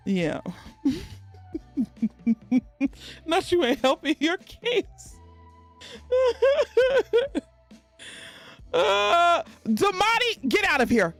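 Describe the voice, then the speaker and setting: A woman with a Texan accent and a slight lisp, chatting casually on a live stream and laughing often as she answers her chat. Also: a little high.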